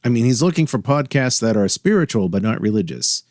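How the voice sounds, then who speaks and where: A man's voice: medium pitch, expressive, brisk, a little mellow, dry recording. A man hosting a solo podcast, talking in a dry, sardonic way with wry asides. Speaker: podcast host.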